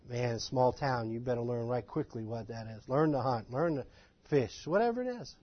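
A man giving an informal, animated and self-deprecating lecture to a live class of ministry students, in a folksy manner. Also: medium pitch, normal speed, no echo, highs cut off. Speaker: ministry trainer.

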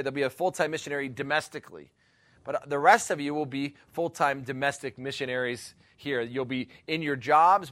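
A man's voice: mid-range voice, fairly bright tone, no room sound. A male pastor giving an earnest, rambling teaching talk on missions, often laughing and exclaiming.

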